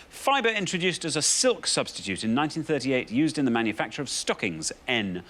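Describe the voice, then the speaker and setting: A man's voice: medium pitch, fairly bright tone. A man hosting a television quiz show, reading clues aloud in a playful manner in a studio.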